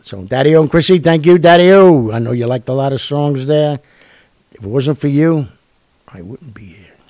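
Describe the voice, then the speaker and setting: A man's voice: fairly high pitch, moderate pace, mellow, no echo. A man hosting a live online show, rambling and joking in casual chat. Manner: rambling, jokey, with fillers and laughs. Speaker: show host.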